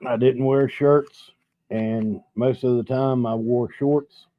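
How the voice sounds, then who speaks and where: A man's voice: medium pitch, fairly even intonation, takes it slowly, no room sound. A middle-aged man hosting a live stream, telling a story in a laid-back, rambling, profane way while having drinks. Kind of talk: casual storytelling chat over drinks. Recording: dull, dry lo-fi sound.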